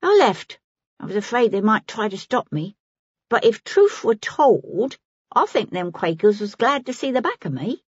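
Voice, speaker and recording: A woman's voice: mid-range voice, sing-song, slightly rough, dry recording, lo-fi sound, voice pushed up. A woman narrator voicing a frightened, cheeky young street girl with brash slang, in an audiobook. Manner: brash, quick, working-class slang.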